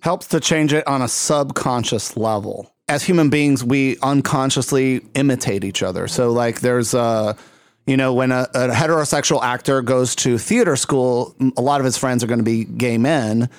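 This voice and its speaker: A man's voice: medium pitch, moderate pace, no echo. A man hosting a casual interview chat, chatty and laughing often, with plenty of fillers. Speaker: host.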